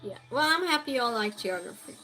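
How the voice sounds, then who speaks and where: This live-stream trivia host is a woman who chats casually, reads messages from viewers aloud and answers them. Her voice is a little high, expressive, fast, bright and forceful, with soft background music and poor audio.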